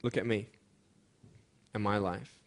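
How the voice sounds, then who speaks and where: A young adult man giving an earnest, emphatic motivational speech to students, moving between hushed and loud passages. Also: on the low side, steady tone, unhurried. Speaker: motivational speaker.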